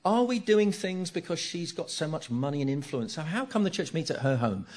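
Older preacher, lively and jokey. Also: male voice, a little high, fairly quick. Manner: animated, jokey, acts out congregation reactions. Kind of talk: sermon.

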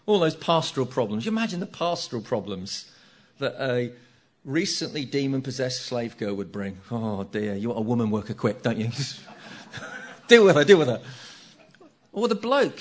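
Older man, sermon, mid pitch, jokey, animated. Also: a little fast, few pauses. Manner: animated, jokey, acts out congregation reactions. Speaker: preacher.

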